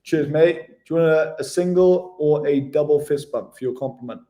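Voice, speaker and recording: Laid-back man with a mellow voice. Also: a little high, normal speed. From Wales. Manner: laid-back, matey, calls everyone mate. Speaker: travel vlogger hosting a live stream. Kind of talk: casual live-stream chat with viewers.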